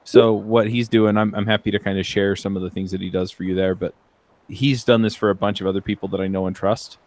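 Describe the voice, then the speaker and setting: Male podcast co-host, low voice, halting casual talk full of ums. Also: little pitch movement, a little mellow, dry recording. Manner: hesitant, many ums and restarts. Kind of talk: casual chat.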